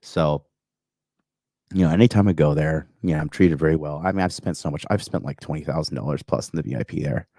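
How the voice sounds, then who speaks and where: Rambling deep-voiced male stream host. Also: fast talker, warm tone, no room sound, clean studio sound. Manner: rambling, crude, peppered with "like" and "you know". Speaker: call-in show host. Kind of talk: casual livestream chat reading viewer comments.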